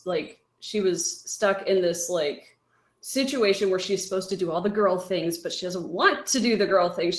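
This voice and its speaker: A woman's voice: fairly low pitch, reverberant. A woman co-hosting a podcast, talking in an enthusiastic, gushing way in casual chat. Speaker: podcast co-host. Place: home kitchen.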